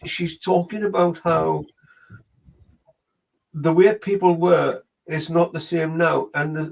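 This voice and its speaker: A man's voice: a little high, creaky, poor audio. A man giving a psychic reading, rambling as he relays what a spirit tells him. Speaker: medium.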